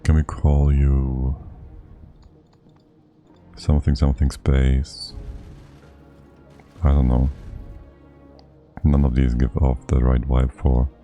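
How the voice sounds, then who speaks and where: A man's voice: very deep voice, monotone, slow, pauses often, dark tone, soft background music. A man streaming a game live, thinking aloud and talking to himself in a slightly out-of-breath, casual way. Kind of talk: casual live-stream commentary while playing.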